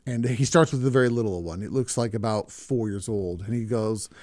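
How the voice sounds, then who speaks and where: A podcast host speaks earnestly and with emphasis, repeating words to drive his points home. His voice is fairly low and darkish, and he talks at a brisk clip.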